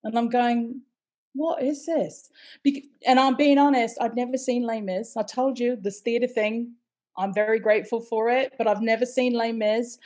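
A middle-aged woman from the United States, a stage performer chatting as an interview guest, telling lively stories with laughter and the odd swear word. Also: fairly high pitch, moderate pace. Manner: animated storyteller, swears, laughs often. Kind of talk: casual interview chat.

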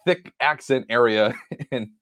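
A man with a Boston accent, co-hosting a sports podcast in relaxed casual conversation. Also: mid-range voice, unhurried, no echo. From Boston area. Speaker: podcast co-host.

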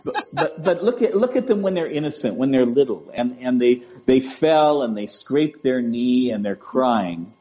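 A man speaking as a guest in a conversational interview. He talks gently, restarts his words and often checks in with "right?" and "you know?". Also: medium pitch, animated, moderate pace, hardly any pauses, a little hiss or hum. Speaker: guest speaker on emotional wellbeing. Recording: dull lo-fi audio.

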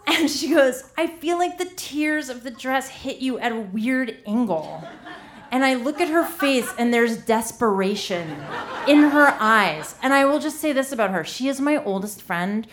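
A woman in her thirties tells a funny personal story on stage in a live storytelling set, comic and self-deprecating, with lots of "like." Her voice is mid-range, with slight background noise.

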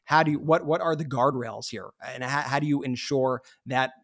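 A man co-hosting a podcast, talking casually in rapid bursts and restarting his sentences often. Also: mid-range voice, fairly even intonation. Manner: rapid, with frequent restarts and fillers. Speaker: podcast co-host. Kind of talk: casual conversational storytelling.

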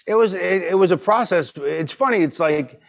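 Middle-aged guy, slightly high voice, spinning a story, jumps into voices of people he quotes. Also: animated, normal speed, creaky. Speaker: podcast guest. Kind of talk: casual storytelling.

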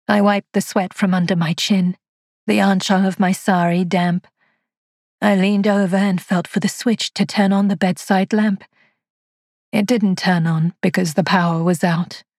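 A woman's voice: medium pitch, a little mellow, dry recording, studio quality. A woman narrating as a frightened old spinster. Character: aging haunted spinster, frail and frightened. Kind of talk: scripted first-person narration.

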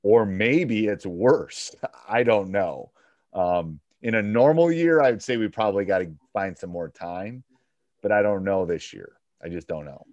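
A man's voice: lowish voice, lively intonation, a little slow, darkish tone, no echo, dull audio. A man, a basketball coach and podcast host, giving coaching advice on a one-on-one call and acting out back-and-forth dialogue as he talks.

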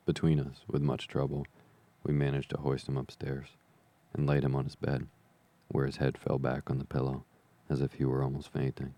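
Very deep gravelly male bedtime reader. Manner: slow, even, soothing delivery. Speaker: podcast reader. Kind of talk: calm bedtime reading of a classic novel.

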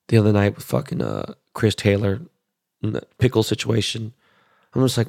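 A man in his forties from Los Angeles, ranting about sports in a blunt, profane, excitable way as a show host. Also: on the low side, fairly quick, gravelly, dry recording, studio quality. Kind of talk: casual sports rant.

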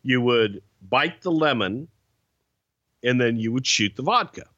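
Telling stories on his podcast at a measured pace, a man with a medium-pitched voice is animated, profane, and laughing as he goes. The recording is dry and sounds dull.

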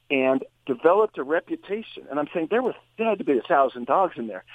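A man's voice: a little high, no room sound. Man telling a story over a tinny phone line. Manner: animated storyteller, voice rises for quoted lines. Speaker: psychotherapist guest. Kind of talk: anecdotal storytelling.

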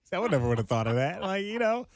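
Giggly man with a lively raised voice. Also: high-pitched, rapid-fire, no room sound, studio quality. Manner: laughs easily, chatty and self-deprecating. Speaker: radio show co-host. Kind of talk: casual radio chat.

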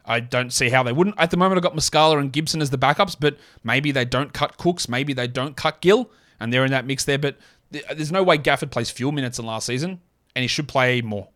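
Casting male podcast host, mid pitch, opinionated, jokey asides, lively swings. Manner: opinionated, quick asides, self-deprecating jokes. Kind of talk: solo fantasy basketball podcast.

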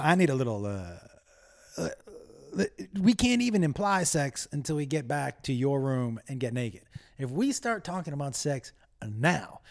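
A man's voice: fairly high pitch, gravelly, darkish tone. A man hosting his own podcast alone, telling crude, self-deprecating stories in a casual, rambling monologue that keeps drifting off topic. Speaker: solo podcast host.

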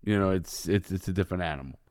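Talking fast in a deep, darkish voice, this American man is an ex-convict guest on an interview, casually recounting prison stories. His delivery is blunt and full of profanity, wandering off and starting over repeatedly.

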